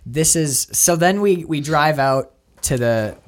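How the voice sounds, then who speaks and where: An animated man hosts a casual podcast discussion of a film. His voice moves through a lively range of pitch, and he laughs easily. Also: slow. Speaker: podcast host.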